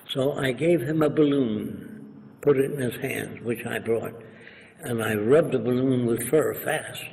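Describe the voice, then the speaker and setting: An older man from New York, with a creaky mid-range voice, is being interviewed and tells anecdotes in a lecturing manner, acting out other people's voices. The room is echoey and there's a faint hiss.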